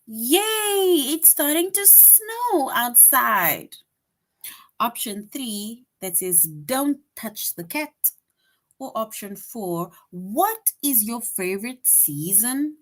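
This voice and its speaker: Slow, patient woman teaching children. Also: mid-range voice. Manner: slow, patient, often checks with "right?"; acts out example sentences with lively bursts. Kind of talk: online grade-school lesson.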